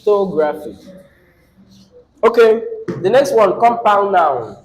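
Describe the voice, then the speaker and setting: Slow, high-voiced teacher lecturing. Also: male voice, lively intonation, slight background noise, poor audio. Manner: questions the class often, repeats key words. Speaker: English teacher. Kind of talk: classroom lecture.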